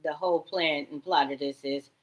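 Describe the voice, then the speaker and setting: A woman vlogging in a rambling monologue, swinging between loud outbursts and low mutters, and swearing freely. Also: fairly even intonation, normal speed, poor audio.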